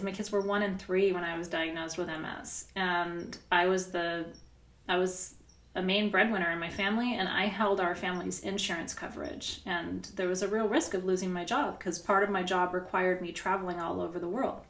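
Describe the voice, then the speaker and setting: A woman's voice: lowish voice, fairly even intonation, normal speed, a bit bright, echoey room. A middle-aged woman coach talking candidly and animatedly, telling stories with laughter and the odd swear word. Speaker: spiritual coach. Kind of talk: casual coaching session.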